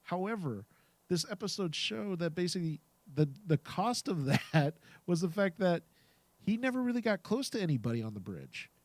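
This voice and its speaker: Lively, higher-voiced man co-hosting a podcast. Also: normal speed. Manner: animated, laughs often, echoes his co-host. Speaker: podcast co-host. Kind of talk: casual podcast discussion.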